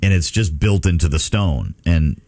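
A man's voice: deep voice, moderate pace, dark tone, dry recording. A man co-hosting a morning radio show, telling stories in casual banter and laughing at his own points.

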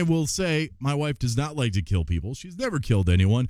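A man's voice: mid-range voice, very animated, a little fast, darkish tone, dry recording, clean studio sound. A man in his thirties hosting a radio show, telling a family story in a chatty, self-deprecating way with many fillers. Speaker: radio host. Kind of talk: casual on-air storytelling.

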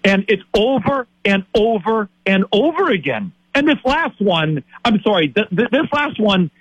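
A man's voice: sits high, sing-song, a little slow, husky, dry recording, rough recording. A man in his late fifties from Wisconsin, a sports talk host ranting in exasperation and tripping over repeated words. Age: 50s.

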